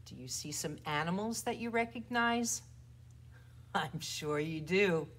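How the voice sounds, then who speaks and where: Playful children's librarian woman, very slow. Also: fairly low pitch, animated, a little hiss or hum. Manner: playful, exaggerated loud and soft voices for toddlers. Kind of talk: storytime rhymes and picture-book reading.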